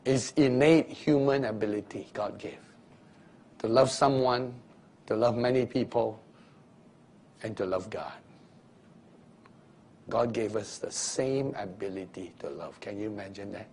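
A man's voice: on the low side, measured pace, pauses often, darkish tone, slight background noise. A man preaching a sermon and telling stories, acting out the scenes, with loose grammar. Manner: storytelling, acting out scenes with shifting voices; loose non-standard grammar.

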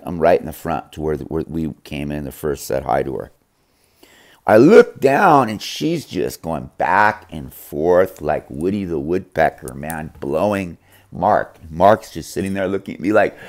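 A man telling a rambling, profane story in a casual, animated way. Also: low-pitched. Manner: profane, rambling, animated, acts out others' voices.

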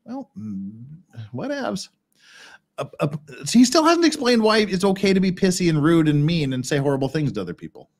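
A man's voice: a little high, big pitch swings, normal speed. A man co-hosting a podcast, reading court filings aloud and riffing on them with wry sarcasm. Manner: wry, reads legal text aloud then riffs sarcastically. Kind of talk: casual legal commentary.

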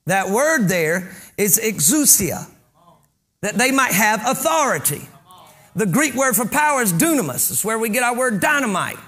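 Male pastor, sermon, high voice, bright and forceful tone, reads scripture then breaks it down, climbs to shouting. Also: big pitch swings, moderate pace. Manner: fervent preaching, rising to shouts on key points; reads scripture aloud and stops to explain it.

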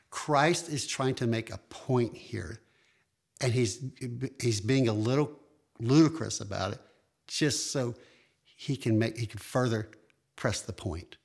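Male pastor preaching, mid-pitched voice, emphatic with sudden high jumps and drawn-out phrases. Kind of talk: sermon.

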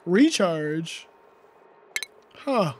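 A man's voice: high-pitched, sing-song, drawn-out words, darkish tone, a little hiss or hum. A male streamer giving live gameplay commentary, rambling and puzzled, asking himself questions aloud as he plays.

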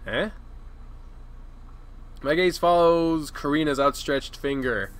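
A man playing through a visual novel, reading the narration aloud in a casual style and reacting loudly between passages. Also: mid-range voice, moderate pace.

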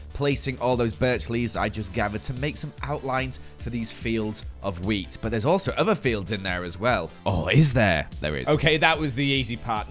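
A young man with a hoarse, nearly gone voice, giving chatty, self-mocking commentary over gameplay. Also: lowish voice, a bit bright. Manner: chatty, self-mocking, mock-angry rants. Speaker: gaming video creator.

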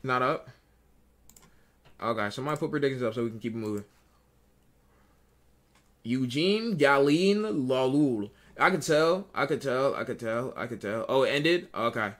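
A man's voice: medium pitch, normal speed, long pauses, fairly bright tone. A young adult man streaming live, giving casual, profane commentary and repeating himself a lot as he talks to his chat.

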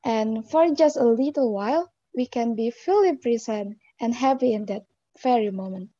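A woman's voice: a little high, moderate pace, warm tone, no room sound. A woman learning English reads out a prepared answer in an earnest, dreamy way. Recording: dull lo-fi recording.

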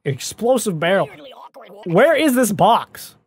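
A man hosting a gaming video, giving excitable let's play commentary and talking to the game character as he plays. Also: sits high, normal speed, long pauses, faint music behind. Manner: excitable, talks to the game character, often exclaims. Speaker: gaming channel host.

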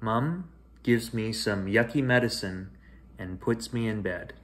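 A man reading a children's bedtime story aloud in a gentle, expressive way, with sing-song rises and hushed drops. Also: fairly low pitch, a little slow.

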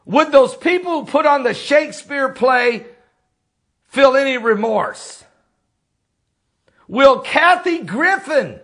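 A man who is a preacher, delivering impassioned commentary full of repeated rhetorical questions and sometimes rising to a shout. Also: very high voice, expressive, takes it slowly. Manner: fiery, rhetorical questions, repetitive.

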